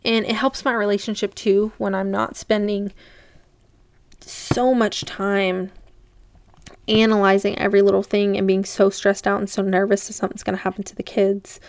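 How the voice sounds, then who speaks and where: A woman's voice: medium pitch, flat delivery, normal speed, no echo. A young woman hosting a podcast, telling a personal story in a candid, rambling way. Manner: candid, rambling, uses "like" a lot. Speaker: podcast host.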